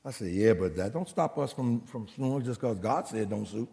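A man preaching a sermon as a pastor, telling a story in an animated way and acting out the people he quotes. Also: lowish voice, normal speed, creaky. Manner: animated, acts out quotes, laughs. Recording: long hall reverb.

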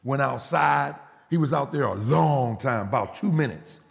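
A male pastor preaching a sermon, telling a family story and building to shouted exhortation. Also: medium pitch, expressive, normal speed, gravelly, big-room sound, a little hiss or hum. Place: church.

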